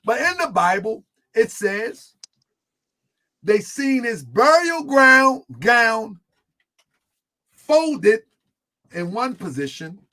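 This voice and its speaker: A man giving a religious teaching, retelling a story in an animated way with many fillers. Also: very high voice, drawn-out words, long pauses.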